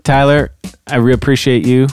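A man's voice: mid-range voice, level tone, moderate pace, a little mellow, soft background music, lightly acted. A man putting on a polite young Southern woman with a Southern US accent, serving customers and drawing out sweet thanks. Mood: sugary.

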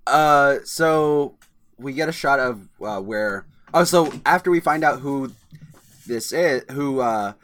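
A man's voice: medium pitch, slow pace, fairly bright tone. A man co-hosting a casual movie podcast, recapping scenes in a rambling way with frequent restarts. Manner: rambling, restarts, laughs often. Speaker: podcast co-host.

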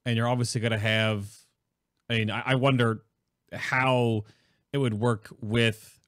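Male host, mid pitch, dry close recording, thinks aloud as he asks. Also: fairly bright tone, dry recording. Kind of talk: casual chat.

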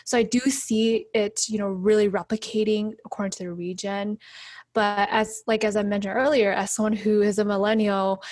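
A woman's voice: medium pitch, level tone, normal speed, darkish tone, no room sound. A woman in her thirties talking casually in an interview, chatty and full of fillers and restarts. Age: 30s.

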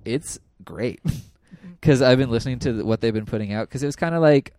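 A man's voice: medium pitch, animated, fairly quick, warm tone. A man co-hosting a podcast in a casual, playful chat, laughing often. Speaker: podcast co-host.

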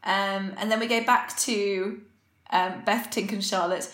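A woman chats casually as a podcast co-host, walking through an episode from her notes with lots of ums and likes. Her voice sits at an ordinary pitch and carries a noticeable roomy echo. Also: fairly even intonation, a little slow, a bit bright. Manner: chatty, recaps from her notes with filler words. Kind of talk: casual chat recapping a TV episode.

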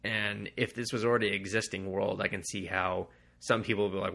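Podcast co-host, male, low gravelly voice, bright tone, rambling casual chat. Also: level tone, a little fast, few pauses. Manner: rambling, laughs often, quotes characters in mock voices. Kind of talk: casual chat about comics.

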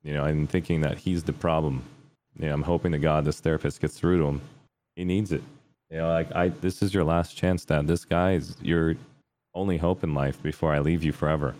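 A man's voice: very deep voice, fairly even intonation, a little fast, a little mellow. A young adult man telling a personal story in a casual, candid and rambling way, full of fillers and restarts.

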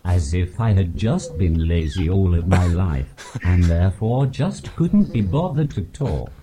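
Deadpan synthetic text-to-speech man. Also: sits low, a little slow, a crowd in the background. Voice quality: synthetic computer voice. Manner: deadpan, even delivery of prepared jokes. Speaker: comedian guest.

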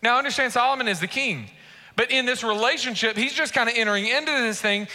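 A young adult man preaching a sermon in a church, animated and playful, acting out quotes with a lifted, giddy voice. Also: very high voice, fast. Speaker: pastor. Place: church sanctuary. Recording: long church hall reverb.

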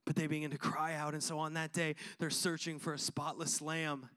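A man's voice: a little high, flat delivery, normal speed, sharp tone. A man preaching a sermon to his congregation, using repetition and call-and-response. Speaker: pastor.

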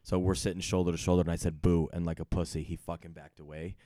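A man's voice: low-pitched, little pitch movement, quick pace, dark tone, dry recording, studio quality. A man in casual chat, talking bluntly and swearing freely.

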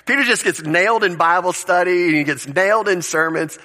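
A man's voice: fairly high pitch, animated, fairly quick, hardly any pauses, pushed and bright. A male pastor giving a conversational sermon, explaining word meanings and asking rhetorical questions, with the odd chuckle.

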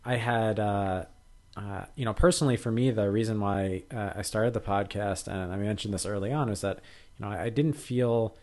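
A man co-hosts a podcast, his voice on the low side and darkish in tone at normal speed. He chats casually and hesitantly, with plenty of fillers and restarts.

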